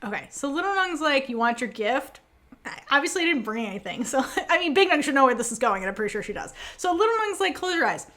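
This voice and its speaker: Woman, podcast co-host, high voice, lively intonation, casual animated chat. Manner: animated, fast, many fillers, quotes characters.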